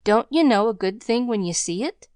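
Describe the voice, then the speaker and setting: A woman lightly acts a rough-talking street boy, blunt and brash, using slangy speech pitched above her own voice. Her tone is a little high and a little mellow with lively intonation and a moderate pace, recorded clean in a studio with no room sound.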